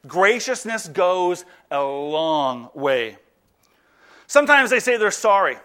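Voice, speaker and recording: A man preaching a sermon, animated, mixing light humor with earnest appeals about forgiveness. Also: sits high, slow pace, clean tone. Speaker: pastor.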